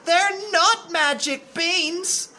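Frantic scolding mother from a read-aloud storybook, shrill, high and loud, put on by the reader. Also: drawn-out words, exaggerated voice. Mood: exasperated.

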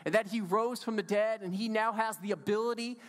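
A high-pitched male pastor preaching a sermon in a casual, emphatic way, firing rhetorical questions at the congregation. His voice carries a long reverb from the church sanctuary. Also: fairly even intonation, fairly quick.

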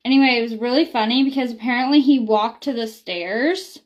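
A woman's voice: on the high side, a little fast, highs cut off. A young woman talking casually in a vlog, rambling with lots of ums and likes. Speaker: beauty product reviewer.

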